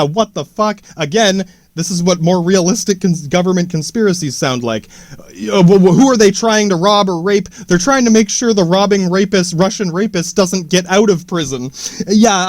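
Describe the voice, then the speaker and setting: A man's voice: sits high, normal speed, no echo, clean studio sound. A man hosting a podcast, ranting in a rambling, profane way with many false starts. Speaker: podcast host.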